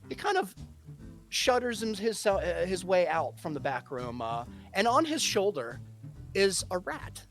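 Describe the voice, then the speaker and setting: A man narrating as game master of a tabletop game, halting and full of fillers and restarts. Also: sits high, very animated, fairly bright tone, faint music behind.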